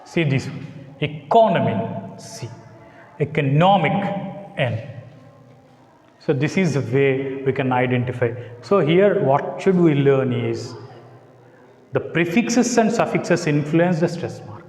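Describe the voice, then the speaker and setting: A male teacher giving a lecture to a class, speaking slowly and deliberately, repeating words and spelling out letters one by one. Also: medium pitch, lively intonation, darkish tone. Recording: echoey classroom, long reverb.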